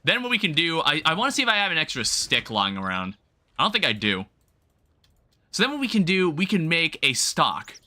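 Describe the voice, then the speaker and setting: Brief: male streamer, high, bouncy voice, rambling casual chatter while gaming. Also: wildly swooping pitch, a little fast, sharp tone. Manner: rambling, self-correcting, chatting with viewers; casual, swears lightly. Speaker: livestreamer. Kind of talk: casual gameplay commentary.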